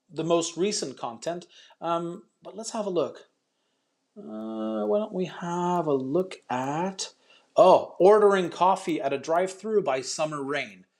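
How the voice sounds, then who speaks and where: A man teaching an online English pronunciation lesson, chatty and encouraging, explaining step by step with frequent ums. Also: mid-range voice.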